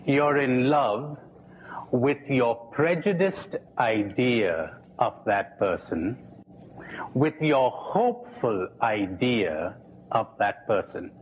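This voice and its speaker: A man giving a reflective talk, prodding his listeners with challenging rhetorical questions at a slow, deliberate pace. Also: mid-range voice, a little hiss or hum, poor audio. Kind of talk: reflective lecture with jokes.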